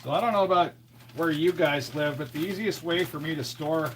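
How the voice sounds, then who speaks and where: A man chatting casually on a live stream while fixing a snack in his home kitchen, thinking out loud as he works. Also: on the high side, a little fast, slight background noise.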